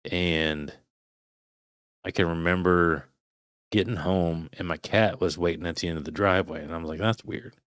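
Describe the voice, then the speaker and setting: A man's voice: low voice, fairly even intonation, moderate pace, long pauses, a bit bright, clear, resonant tone, no room sound, clean studio sound. A man in his thirties, a podcast guest, tells a story casually, swears freely, acts out his own past thoughts and imitates the noises he heard. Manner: imitates sounds while telling a story.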